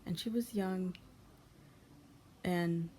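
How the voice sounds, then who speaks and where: A young woman, a channel host, giving a heartfelt monologue of encouragement in a soft, often half-whispered, gentle and comforting way. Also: lowish voice, extremely slow, slight background noise. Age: young adult.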